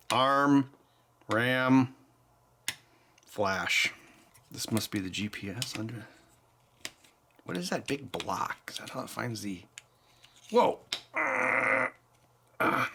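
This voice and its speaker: Tipsy male hacker host, bright edgy voice, rambling casual teardown chatter. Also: mid-range voice, creaky, slight background noise. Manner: rambling, chuckling, thinking aloud. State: tipsy from beer.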